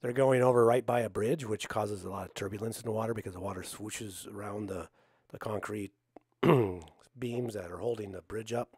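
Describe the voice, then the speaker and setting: A man hosting a political talk show, talking in a matter-of-fact way and often clearing his throat. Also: on the low side, steady tone, moderate pace, darkish tone, no echo, clean studio sound. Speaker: host.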